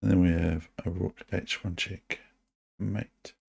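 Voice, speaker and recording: A man with a New Zealand accent streaming online chess, muttering to himself as he plays and gently mocking his own moves. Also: deep voice, level tone, slow pace, gravelly, breathy edge. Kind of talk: live online chess commentary.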